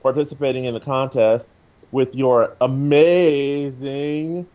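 A man hosting a casual podcast. He talks in a playful, rambling way, with big swoops in pitch. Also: steady tone, takes it slowly, mellow, dull audio. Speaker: podcast host.

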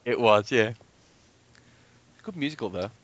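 Bright-voiced joking podcast co-host man. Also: lowish voice, expressive, a little slow, lo-fi sound. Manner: joking, laughs often. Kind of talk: casual podcast chat.

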